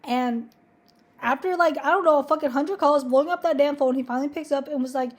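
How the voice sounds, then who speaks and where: A woman's voice: high-pitched, brisk. A young woman telling a story to camera in a casual, chatty way, swearing freely and filling her talk with "like". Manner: chatty, profane, heavy use of 'like'. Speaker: vlogger.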